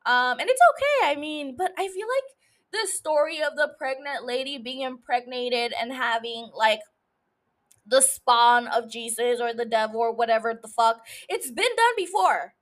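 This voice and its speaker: Bright-voiced swearing woman podcaster. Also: high-pitched, lively intonation, moderate pace. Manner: blunt, swears a lot, emotional, gushing. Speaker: podcast host. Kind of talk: casual solo podcast talk. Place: her room. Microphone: studio mic.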